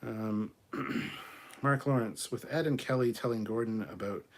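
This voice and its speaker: Blunt, husky-voiced man host. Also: on the low side, measured pace. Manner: blunt, profane, argumentative. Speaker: podcast host reading viewer comments. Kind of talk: casual livestream chat.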